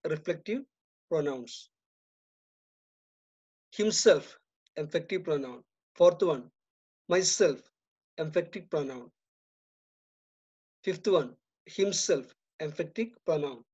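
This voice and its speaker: A man with an Indian English accent teaching a grammar lesson, reading each example sentence and then giving the answer more quietly. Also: fairly high pitch, lively intonation, slow, pauses often, breathy edge. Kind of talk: slow, deliberate grammar lesson. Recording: dull lo-fi recording.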